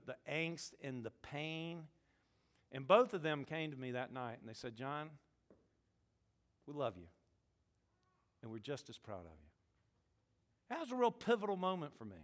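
A middle-aged man preaching a sermon in a conversational, storytelling way, swinging from loud bursts to hushed tones. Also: on the high side. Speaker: pastor.

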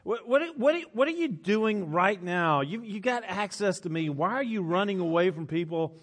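A man's voice: sits high, expressive, normal speed, pitched above the performer's own voice. A man preaching who voices God as a stern, questioning male voice scolding a runaway.

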